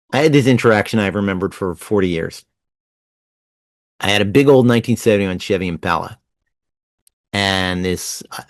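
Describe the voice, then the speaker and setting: A man in his sixties from New Jersey, telling stories fast and animatedly as a guest in a casual interview. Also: fairly low pitch, creaky, dry recording. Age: 60s. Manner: fast-talking, animated storyteller. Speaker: guest writer.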